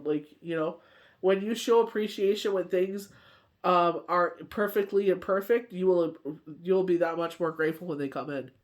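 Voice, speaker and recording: A woman's voice: lowish voice, darkish tone. Chatty, rambling woman reading tarot. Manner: rambling, chatty, full of "you know" and "like"; laughs often while telling stories. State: tired from coughing fits. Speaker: tarot card reader. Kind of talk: casual daily tarot reading.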